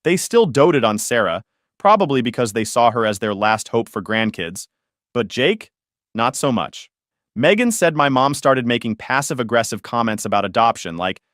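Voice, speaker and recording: A man's voice: mid-range voice, sing-song, moderate pace, fairly bright tone, no room sound, clean studio sound. A man narrating a first-person story in a conversational way, with wry, sarcastic asides.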